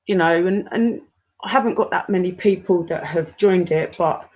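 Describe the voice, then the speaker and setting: A woman in her forties, talking to her viewers in an upset, halting rant, often stopping and repeating herself. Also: fairly low pitch, a little mellow, dull audio. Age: 40s. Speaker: YouTuber. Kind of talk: emotional live-stream rant.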